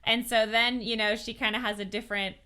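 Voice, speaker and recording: Chatty woman cohost, kinda high and really bright, says "like" a lot retelling the book. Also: flat delivery, brisk, clean tone. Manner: chatty, retells scenes with lots of "like" fillers and acted quotes. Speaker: podcast co-host. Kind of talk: casual book chat.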